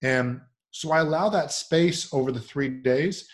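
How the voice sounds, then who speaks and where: A middle-aged man speaking as a podcast guest in a relaxed, reflective conversation, voice lifting into lively impressions when he quotes other people. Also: on the high side, a little slow. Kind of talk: casual conversational interview.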